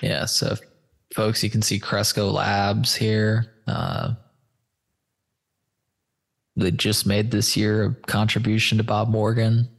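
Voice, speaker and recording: A man's voice: fairly low pitch, animated, slow pace, vocal fry, pauses often. A man hosting a casual screen-share chat, loose, stoned and a bit profane as he walks through search results. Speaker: host.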